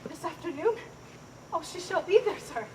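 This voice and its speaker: A woman's voice: extremely high pitch, normal speed, roomy sound, big-room sound, a little hiss or hum. A woman playing a fussy, groaning old nurse. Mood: teasing. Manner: theatrical, lively, groaning complaints. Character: fussy, chatty older woman nurse, comically complaining. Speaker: stage actor. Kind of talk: live outdoor Shakespeare performance.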